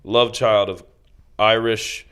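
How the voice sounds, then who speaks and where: A man's voice: on the low side, little pitch movement, slow pace, a bit bright, clean tone. Laid-back guy from Ohio bantering. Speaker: podcast guest. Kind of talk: casual chat.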